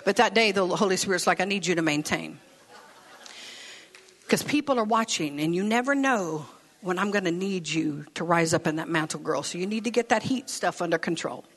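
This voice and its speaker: This middle-aged woman pastor speaks briskly in a somewhat low voice as she delivers a sermon in the church sanctuary. Her storytelling is animated and relaxed, climbing toward bold, rising declarations.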